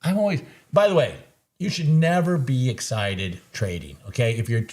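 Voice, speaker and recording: A man hosting a live trading-desk recap, easily excited and quick to laugh. He talks in a casual, chatty way at a middle pitch, full of folksy sayings. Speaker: trader and show host.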